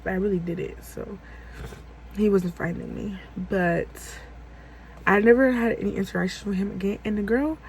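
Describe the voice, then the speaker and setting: Animated young woman telling a storytime. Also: mid-range voice, moderate pace, a little hiss or hum, rough recording. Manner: animated, profane, acts out heated quotes. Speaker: vlogger. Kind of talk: casual storytime.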